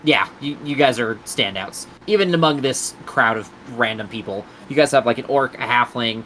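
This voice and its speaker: A man's voice: mid-range voice, normal speed, bright, forceful tone, a little hiss or hum, rough recording. A man narrating and running a tabletop role-playing game in a casual, rambling way. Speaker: game master.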